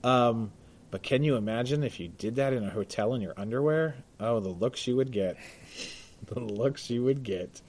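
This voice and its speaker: A man's voice: medium pitch, fairly quick, darkish tone. Chatty, jokey man co-hosting a podcast. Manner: chatty and jokey, laughs often, frequent "uh" fillers. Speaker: podcast co-host. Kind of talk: casual chat. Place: Baltimore.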